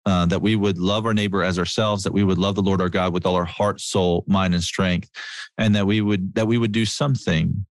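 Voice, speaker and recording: A man's voice: low-pitched, fairly even intonation, fairly quick, no echo, studio quality. A middle-aged man giving an earnest, conversational sermon, telling stories and repeating key words for emphasis. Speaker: Christian speaker. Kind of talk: conversational preaching with storytelling.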